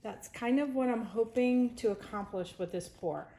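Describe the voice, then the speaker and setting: A woman's voice: fairly high pitch, normal speed, mellow. A woman resin artist talking casually through a craft project, rambling and correcting herself as she thinks aloud.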